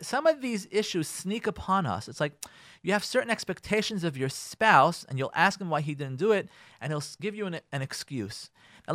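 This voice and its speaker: A high, bright male voice that swoops up and down as the rabbi acts out arguments between spouses. He drops Hebrew and Yiddish words into an animated radio lecture. The sound is close and dry, with no room around it. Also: no echo.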